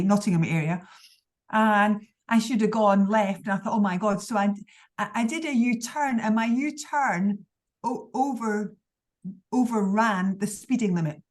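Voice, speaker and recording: Lively woman telling a story on a call. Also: medium pitch, normal speed. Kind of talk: casual group video call. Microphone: video call.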